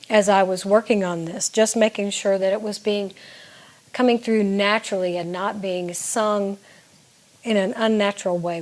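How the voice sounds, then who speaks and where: A woman's voice: mid-range voice, darkish tone. A woman songwriter talking casually to the camera, explaining her lyrics in an earnest, reflective way.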